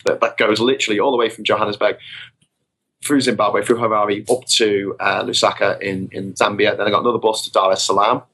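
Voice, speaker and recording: Man with a bright voice, rambling tales. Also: on the low side, a little fast, breathy edge. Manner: rambling, self-mocking, animated anecdotes. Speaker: podcast guest, traveler. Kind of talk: casual storytelling. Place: podcast recording.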